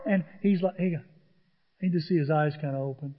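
A pastor with a high, husky voice preaches with animated storytelling and acts out the voices of the people in his stories. Long reverb from a large hall and dull, muffled audio surround him. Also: fairly quick. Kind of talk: sermon.

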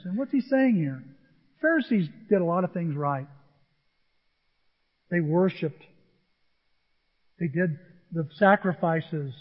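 A male pastor preaching a sermon, animated and acting out the people he quotes. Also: high-pitched, takes it slowly, long pauses. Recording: dull sound in a large reverberant hall.

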